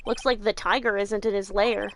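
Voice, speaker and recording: A woman's voice: medium pitch, steady tone, moderate pace, a little hiss or hum, pitched below the performer's own voice, close to an everyday voice. A woman voicing a wry young male defense lawyer with a dry, sardonic delivery.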